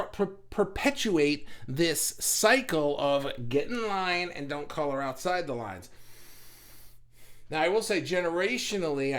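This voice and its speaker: Rambling man hosting a spiritual chat. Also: on the high side. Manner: rambling, animated, laughs and sighs often. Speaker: spiritual channel host. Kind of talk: casual livestream talk.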